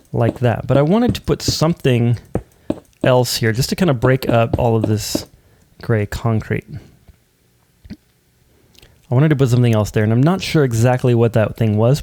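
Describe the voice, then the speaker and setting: A man's voice: mid-range voice, dark tone, no room sound. A man hosting a building tutorial, talking casually and thinking aloud as he places blocks, often humming or counting under his breath. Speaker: Minecraft building channel host.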